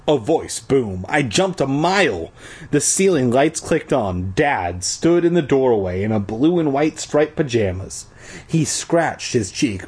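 A man's voice: mid-range voice, animated, unhurried, darkish tone, slightly rough. A man reading a children's book aloud for a podcast, casual, with irreverent asides. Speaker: podcast reader.

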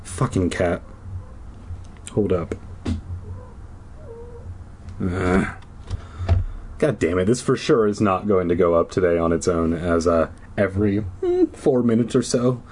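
A man's voice: deep voice, takes it slowly, long pauses, darkish tone, slight background noise. A man reading a children's horror book aloud with sarcastic, swearing asides.

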